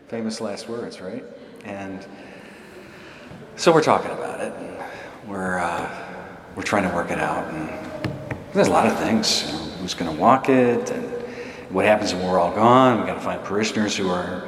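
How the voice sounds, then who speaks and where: Chatty priest in an echoey church. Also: male voice, on the low side, moderate pace, a bit bright, slight background noise. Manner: chatty, self-deprecating, laughs often. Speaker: parish priest. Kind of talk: homily with personal story.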